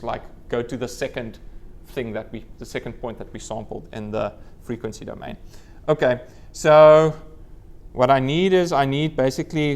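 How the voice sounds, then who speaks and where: A man giving a live university lecture, quizzing the class and letting out playful whoops. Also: mid-range voice. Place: lecture room with students.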